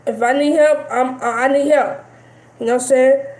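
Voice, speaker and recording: High-pitched woman streamer, defiant, keeps repeating herself, echoey room, faint music. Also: fairly even intonation, normal speed, darkish tone. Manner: defiant, repetitive, dismissive. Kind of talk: live-stream rant.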